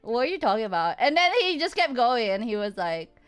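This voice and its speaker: High-pitched, lively woman streamer. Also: a little fast, smooth, soft background music. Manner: animated, laughs often, swears freely. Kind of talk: casual storytelling chat.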